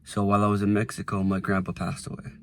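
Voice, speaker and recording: A young man talks straight to camera from the driver's seat in a lowish voice. He rambles in loose, filler-heavy sentences and drops soft and quiet when the memories get heavy. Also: monotone, fast, a little hiss or hum. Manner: rambling, lots of "like" and restarts, softens when emotional. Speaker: vlogger. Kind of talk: casual reflective vlog. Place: inside a parked car.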